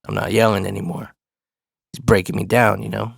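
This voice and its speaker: A man in his forties tells a personal story in a loose, swearing, street-talk way. His voice has a gravelly edge. The sound is dry and close, with no room around it. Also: on the low side, little pitch movement, brisk, dry recording. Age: 40s. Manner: profane, laid-back street talk.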